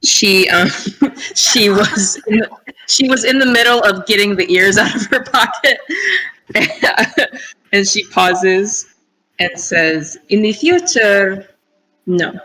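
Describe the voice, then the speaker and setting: A player in a tabletop game, describing their character's actions slowly and laughing often. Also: medium pitch, sharp tone, low-quality recording.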